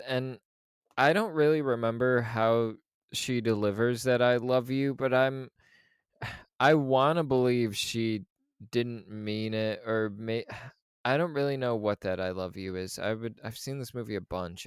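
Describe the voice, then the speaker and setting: A man's voice: mid-range voice, clear, resonant tone, no echo, studio quality. A man co-hosting a podcast, chatting casually about a film in a laid-back, rambling way, laughing now and then. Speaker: podcast co-host.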